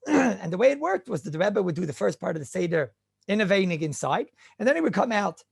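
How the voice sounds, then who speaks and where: Middle-aged rabbi, high-pitched and gravelly, animated lecturer who fires off rhetorical questions. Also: male voice, brisk. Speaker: rabbi teaching halacha. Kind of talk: halacha lecture.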